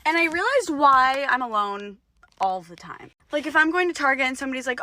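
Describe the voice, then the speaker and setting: Bright, high woman rambling, dry sound. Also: expressive, fairly quick, dry recording. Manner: rambling, lots of likes. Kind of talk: casual talk to camera.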